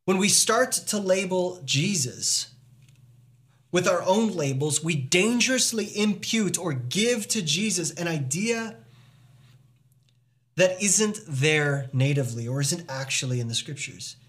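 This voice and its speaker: A pastor delivers his sermon in a notably high voice for a man. He is earnest and emphatic, pressing his points with rhetorical questions. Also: lively intonation, a little slow, a bit bright.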